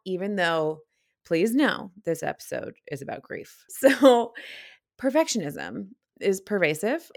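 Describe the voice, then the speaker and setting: A woman's voice: fairly low pitch, no room sound, clean studio sound. A young adult woman hosting a casual solo podcast, a little out of breath, chatty and candid, laughing often and swearing casually. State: slightly out of breath. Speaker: podcast host.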